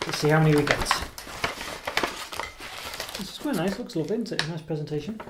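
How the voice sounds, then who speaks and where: A man with a fairly high voice talks through a chocolate review at a relaxed, wandering pace, though a little fast. He rambles hesitantly, full of ums, self-corrections and self-deprecating jokes. A clear hiss of background noise and the occasional click run through the recording.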